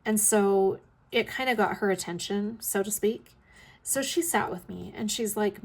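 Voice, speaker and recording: A woman in her fifties talks through her week in a loose, rambling vlog chat, full of ums and trailing asides. Her voice has a gravelly, fry-edged texture and a slightly scratchy throat. She sounds tired and keeps yawning between thoughts. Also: mid-range voice, unhurried. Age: 50s. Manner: rambling, chatty, with frequent ums and yawns. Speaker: vlog host. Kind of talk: casual chat while crafting.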